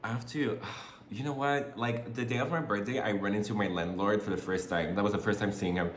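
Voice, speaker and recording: A man chatting through a makeup tutorial at home, gossipy and rambling, with sudden loud squeals. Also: on the low side, fairly even intonation, fairly quick, slight background noise. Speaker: makeup vlogger. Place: room at home, alone. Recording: echoey room, faint ambience.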